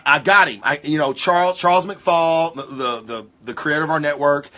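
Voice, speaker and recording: A man hosting his show, telling a rambling, excitable story with a lot of cursing. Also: on the high side. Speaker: host. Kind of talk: casual monologue.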